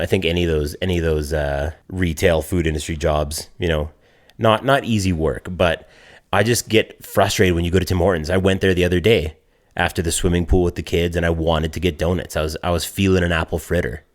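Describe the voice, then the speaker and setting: A man with a very low voice chats casually as a podcast co-host. He rants and swears as he tells stories, half laughing at his own grievances. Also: a little fast. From Canada. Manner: profane, ranting storyteller.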